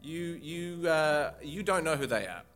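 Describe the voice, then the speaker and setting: A man narrating as game master of a tabletop game, playful and quick to laugh. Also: fairly high pitch, animated, music in the background.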